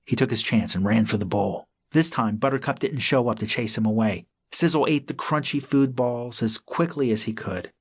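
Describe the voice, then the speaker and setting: A man narrating a children's audiobook in a measured storytelling manner. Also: medium pitch, slightly rough.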